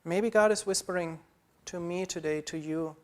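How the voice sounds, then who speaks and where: A man's voice: high voice, normal speed. A man preaching a sermon as pastor, earnest and pleading, building through repeated phrases.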